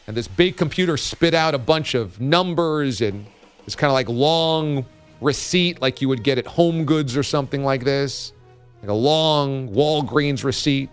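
A man's voice: fairly high pitch, big pitch swings, unhurried, smooth, soft background music. A man hosting a radio talk show, telling a story in a playful way. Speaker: podcast host. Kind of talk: casual radio chat.

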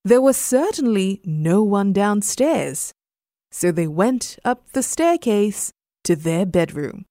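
A young woman reading a bedtime story slowly and with lots of lilt in her voice. The sound is close and dry, like a small studio booth. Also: medium pitch, no echo. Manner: slow, expressive reading. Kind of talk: scripted bedtime story narration.

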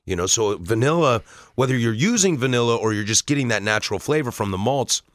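A man co-hosting a casual beer tasting chat, animated and telling stories. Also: mid-range voice, brisk, no room sound. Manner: animated, tells stories and jokes.

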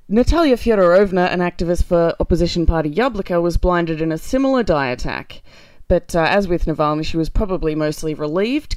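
A woman co-hosting a comedy news show, reading scripted satire in a deadpan, ironic manner. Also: fairly low pitch, no echo.

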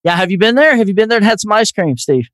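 A man's voice: high-pitched, lively intonation, fast talker, fairly bright tone, no room sound, clean studio sound. A man with a Southern US accent hosting a podcast, chatty and upbeat as he tells stories. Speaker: podcast host. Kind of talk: casual interview chat.

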